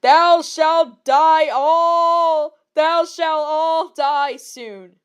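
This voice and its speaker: A woman voicing a cackling evil male dark wizard who speaks slowly in old-fashioned thou and thee. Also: high-pitched. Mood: threatening.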